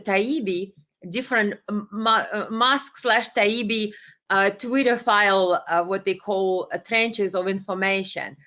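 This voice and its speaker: A woman's voice: mid-range voice, bright, forceful tone. Impassioned woman hosting a political livestream. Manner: impassioned, indignant, with hesitations and restarts; reads viewer chat comments aloud. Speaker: livestream host.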